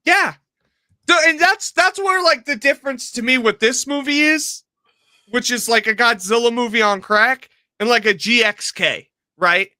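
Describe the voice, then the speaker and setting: A man's voice: extremely high pitch, moderate pace, sharp tone, no echo. A man co-hosting a casual podcast, telling rambling, profane stories. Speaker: podcast co-host. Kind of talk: casual chat.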